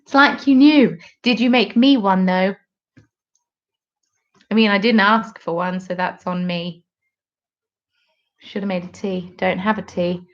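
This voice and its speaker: A woman's voice: medium pitch, fairly even intonation, unhurried, pauses often, highs cut off. A woman hosting a knitting podcast live, chatting casually and rambling while she knits and reads out viewer comments at home. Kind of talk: casual live-stream chat.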